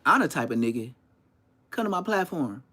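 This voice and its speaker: A man hosting his podcast in a loud, rambling, profane rant. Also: fairly high pitch, big pitch swings, normal speed. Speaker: podcast host. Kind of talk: casual ranting podcast monologue.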